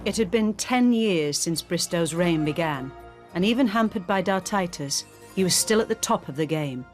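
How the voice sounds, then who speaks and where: A woman reading scripted documentary narration in a measured, formal way. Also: lowish voice, lively intonation. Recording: narration with faint music underneath.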